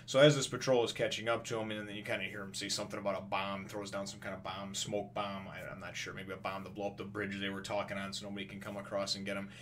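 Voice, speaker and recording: A man's voice: on the low side, flat delivery, quick pace, hardly any pauses, background noise. A man casually recapping a comic chapter, rambling with many fillers and restarts and acting out characters' lines. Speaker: comic reviewer.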